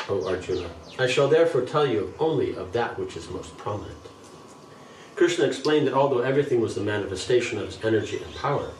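A man leading a scripture class, reading a passage aloud and then explaining it in an unhurried way. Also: on the low side, a little mellow, slight background noise. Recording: roomy, distant mic, faint background.

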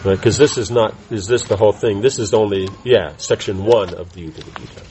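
A man's voice: fairly low pitch, a little mellow, a little hiss or hum, low-quality recording. A man teaching a conversational scripture class, often restarting his sentences and checking in with "right?". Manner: halting restarts, keeps asking "right?".

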